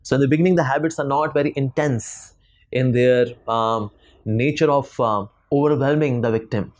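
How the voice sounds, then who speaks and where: A man's voice: medium pitch, normal speed, darkish tone. A man with an Indian English accent giving a devotional lecture to students, telling stories with acted quotes and many fillers. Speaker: spiritual lecturer.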